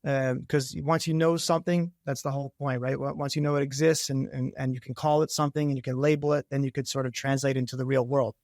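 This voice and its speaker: A man's voice: medium pitch, little pitch movement, fast talker, hardly any pauses, a little mellow, no room sound, clean studio sound. A man co-hosting a podcast, talking in an enthusiastic, rambling way with many restarts as he builds up long questions. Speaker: podcast co-host, science officer. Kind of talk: conversational interview.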